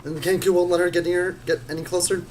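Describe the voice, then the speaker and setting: A player in an online tabletop game, describing their character's actions haltingly, with many restarts. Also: mid-range voice, little pitch movement, a little mellow, slight background noise, rough recording. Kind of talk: casual tabletop role-play.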